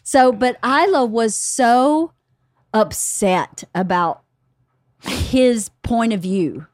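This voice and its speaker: A woman hosting a podcast, telling a story in a casual, animated way and laughing often. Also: a little high, extremely slow, dry recording, studio quality. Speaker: podcast host.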